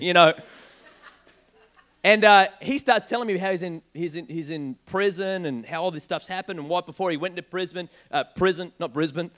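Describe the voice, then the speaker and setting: A young man preaching a sermon, telling a joking personal story in an animated way. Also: fairly high pitch, fairly quick. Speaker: pastor.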